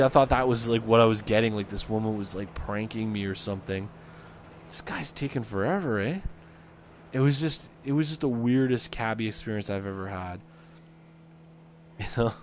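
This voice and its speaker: A man's voice: lowish voice, fairly quick, slight background noise. A man casually telling a personal story over game footage, rambling with fillers and acting out the people he quotes. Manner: rambling, animated retelling with fillers and acted-out quotes. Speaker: gaming video storyteller. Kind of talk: casual spoken anecdote. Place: at home, voice-over on gameplay.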